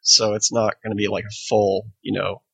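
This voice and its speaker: A man's voice: on the low side, flat delivery, normal speed, gravelly, fairly bright tone, husky, low-quality recording. A man co-hosting a casual podcast, talking in a hesitant way with many fillers and restarts. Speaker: podcast co-host.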